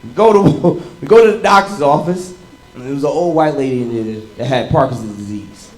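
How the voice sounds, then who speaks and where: A man in his thirties performing a stand-up comedy set, telling animated stories and shouting into bits. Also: medium pitch, brisk, rough recording. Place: comedy club stage with live audience. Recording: live room with loud crowd laughter.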